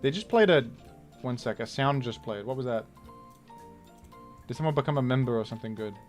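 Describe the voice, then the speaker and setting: A young man streams a game live, joking and rambling casually and exclaiming loudly whenever something surprises him. His voice is medium-pitched and brisk, with soft music playing in the background.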